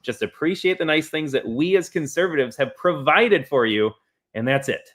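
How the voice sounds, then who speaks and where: A man's voice: a little high, animated, moderate pace, fairly bright tone. Blunt, emphatic male livestream host. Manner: emphatic, blunt, stammers on repeated "I". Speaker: podcast host. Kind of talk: live-stream political commentary.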